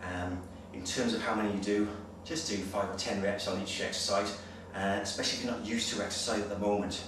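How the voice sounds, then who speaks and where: A slightly breathless male personal trainer demonstrating exercises, giving brisk, direct coaching with frequent check-ins. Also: fairly low pitch, fairly even intonation. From Wales. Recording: very echoey, distant, noisy room sound.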